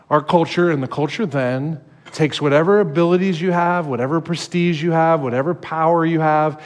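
A man pastor preaching a sermon, animated and acting out the voices he quotes. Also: a little high, big-room sound.

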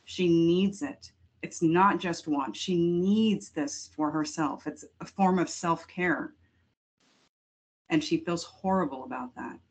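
Woman, podcast co-host, husky voice, lowish pitch, animated expressive talk. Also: slow. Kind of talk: casual discussion.

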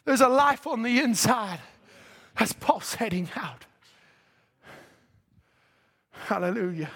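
High bright-voiced fervent preacher man. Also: expressive, slow pace, gravelly, breathy edge. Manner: impassioned preaching that swells into shouts. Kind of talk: fervent sermon. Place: church sanctuary.

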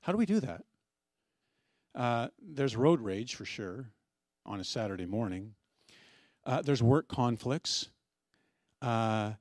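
A middle-aged man preaching a sermon as pastor, telling stories in a conversational way with gentle humor. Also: mid-range voice, dry recording, clean studio sound.

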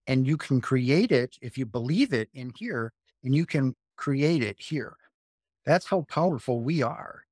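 In clean, dry studio sound, a mid-range male voice belongs to a guest in his fifties. He speaks earnestly in a spiritual interview about his experiences, driving points home by repeating phrases.

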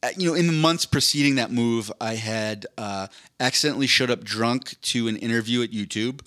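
A man's voice: medium pitch, fairly quick, fairly bright tone. A man in his thirties, a podcast co-host rambling casually through a long story, with lots of asides. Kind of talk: casual chat.

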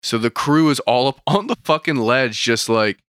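A man's voice: medium pitch, lively intonation, normal speed, a bit bright, clean tone, no echo, clean studio sound. A young man co-hosting a podcast, casually recapping a manga with lots of swearing. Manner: laid-back, profane, retelling scenes. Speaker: podcast co-host.

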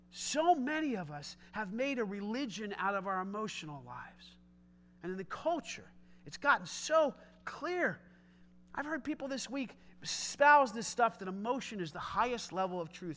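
Male pastor, middle-aged, high bright voice, emphatic casual preaching. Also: sing-song, moderate pace. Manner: emphatic, conversational preaching with rising shouts. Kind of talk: sermon.

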